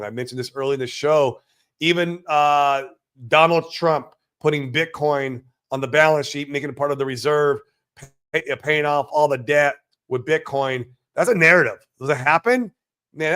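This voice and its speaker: Reading out chat on his casual crypto livestream, a profane, swaggering man veers between loud excitement and muttered side remarks. His voice leans high and has a clean tone.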